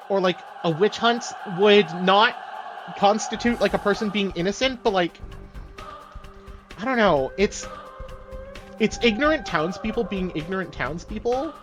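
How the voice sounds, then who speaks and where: A man streaming a game playthrough, reading the game's dialogue aloud in put-on British voices and reacting with excited swearing. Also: high-pitched.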